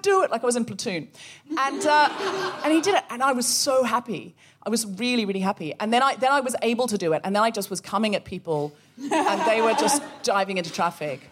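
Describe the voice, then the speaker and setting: Woman, podcast co-host, animated live storytelling on stage. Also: medium pitch, a little hiss or hum. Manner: animated, acts out voices in stories. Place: live show venue.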